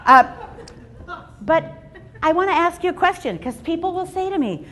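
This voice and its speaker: Animated woman giving a keynote talk. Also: sits high, a little slow. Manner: animated, acts out voices, playful with the audience. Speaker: fundraising speaker. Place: large room with a live audience.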